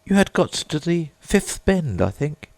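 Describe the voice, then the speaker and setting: A man's voice: big pitch swings, a little slow, a little mellow, dry recording. A man doing a polite, curious young girl. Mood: earnest. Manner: high, eager, earnest girlish voice. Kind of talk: storybook character voice.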